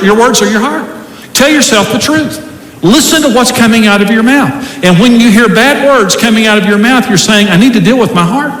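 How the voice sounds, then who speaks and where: A man's voice: sits high, a bit bright. A middle-aged man preaching a sermon with an emphatic, preacherly delivery, quoting scripture to a large church hall. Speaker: pastor. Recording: echoey hall recording with faint ambience.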